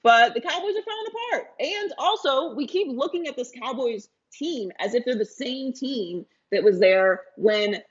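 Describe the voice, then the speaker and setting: Woman podcast co-host, casual sports talk, opinionated, animated, slightly dull lo-fi sound. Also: high-pitched, moderate pace, hardly any pauses, husky.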